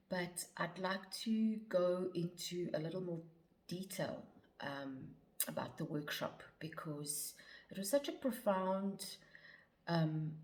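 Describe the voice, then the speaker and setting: A woman's voice: fairly low pitch, a little mellow. A woman talking casually about shadow work, reading a long list of words aloud with many ums and some words half-whispered. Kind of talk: casual talk to camera about personal growth.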